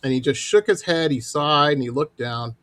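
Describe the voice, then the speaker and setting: A middle-aged man hosting a show and telling stories in a lively, animated way. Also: a little high, moderate pace. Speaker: host. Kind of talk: casual storytelling.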